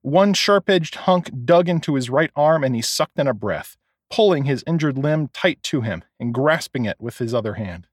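A man narrating a story as an audiobook, expressive storytelling. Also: mid-range voice, moderate pace, dry recording, studio quality.

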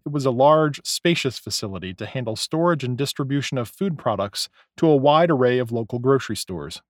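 A man narrating a novel as an audiobook, in a measured, expressive storytelling way. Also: mid-range voice, dry recording, clean studio sound. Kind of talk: scripted narration.

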